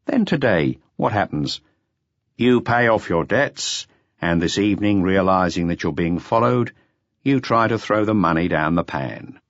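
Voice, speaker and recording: A man's voice: deep voice, animated, a little slow, no room sound. A man voicing an impatient middle-aged police chief inspector, interrogating bluntly and at times coaxing like a father. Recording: slightly dull lo-fi audiobook recording.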